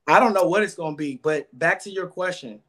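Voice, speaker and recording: Casting: man, a touch higher-pitched, emotional guest, rambling and repetitive. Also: brisk, fairly bright tone. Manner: emotional, rambling, repeats words. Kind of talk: emotional interview answers.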